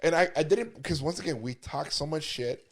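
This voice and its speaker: A man's voice: a little high, normal speed. A man co-hosting a podcast, chatting casually, laughing along and adding short reactions. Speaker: podcast co-host. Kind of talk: casual chat.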